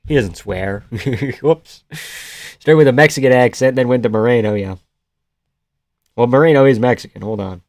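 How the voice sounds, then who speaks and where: A male streamer chatting loosely through fight night, reading chat messages and joking with a quick laugh. His voice sits in an ordinary middle pitch. The close mic sounds dry and unroomy. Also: gravelly, a little mellow, no echo. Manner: joking, laughs often, swears. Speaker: live streamer.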